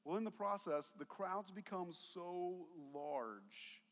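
High-voiced man preaching in an echoing hall. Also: takes it slowly. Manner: conversational and animated, acting out voices of the story. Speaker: pastor. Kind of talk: sermon.

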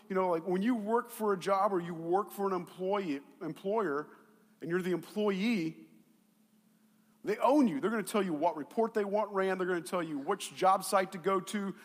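A middle-aged male pastor preaching a sermon, telling a personal story in an animated way, with quiet asides that build to shouts. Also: high voice. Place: church sanctuary. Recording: long hall reverb.

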